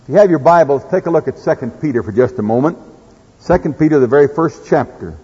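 A man's voice: a little high, lively intonation, fast, mellow, husky. A man with an Oklahoma accent preaching a sermon in a folksy way, telling farm stories and reading scripture. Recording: echoey hall, dull lo-fi sound.

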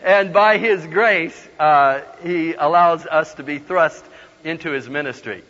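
A man giving a humorous storytelling sermon, animated and laughing often as he acts out the voices in his stories. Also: a little high, unhurried. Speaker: guest preacher. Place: large hall with an audience. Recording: dull lo-fi sound with long hall reverb.

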